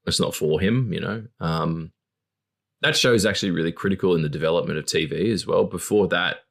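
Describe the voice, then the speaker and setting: A man co-hosting a podcast, rambling in casual chat, swearing freely and acting out quotes in squeaky voices. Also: brisk, gravelly, a bit bright. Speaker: podcast co-host.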